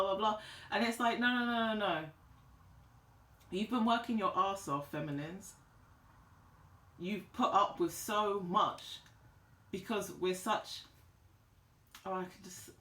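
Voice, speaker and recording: A woman giving a tarot reading in a vlog, talking in an emphatic, animated and slangy way. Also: mid-range voice. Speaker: tarot reader. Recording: roomy echo.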